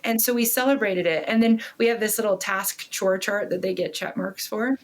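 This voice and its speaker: A middle-aged woman speaking as a guest on a podcast, at an ordinary mid pitch for a woman. She tells a personal story in a casual, animated way, and swearing slips in now and then. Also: normal speed, few pauses.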